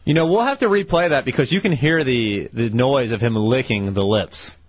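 A man's voice: medium pitch, normal speed, highs cut off, a little hiss or hum. Radio man with dry ribbing. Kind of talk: teasing banter.

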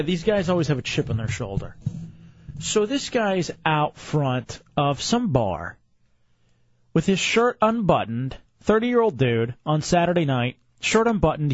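Podcast co-host, man, higher pitch, lively storyteller, dry close recording. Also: no room sound, muffled recording. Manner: animated storytelling, reads news bits with commentary. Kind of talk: casual chat.

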